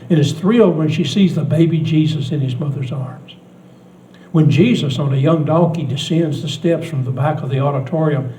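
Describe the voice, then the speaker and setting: An older man preaching a sermon in a church, telling a story earnestly, swinging between hushed and loud delivery. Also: on the high side, echoey room, distant mic, slight background noise, rough recording. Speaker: pastor.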